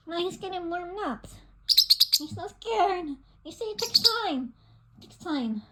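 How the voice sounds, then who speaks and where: A woman's voice: extremely high pitch, very animated, a little slow, pushed and bright. A woman vlogging with her pet bird, giggling and coaxing it in playful baby talk. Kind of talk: casual vlog chatter to her pet and viewers.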